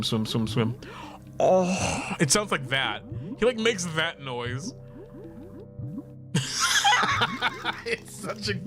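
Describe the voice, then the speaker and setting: Excitable young man streaming a game. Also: medium pitch. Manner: excitable, laughs often, swears freely. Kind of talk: casual gaming stream chat. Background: game music.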